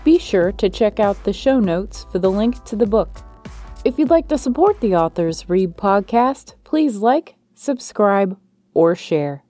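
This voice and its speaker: A woman podcast host signs off with a friendly scripted outro. Her voice is mellow, her pitch moves in a lively way, and soft music plays behind her. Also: a little slow, dry recording.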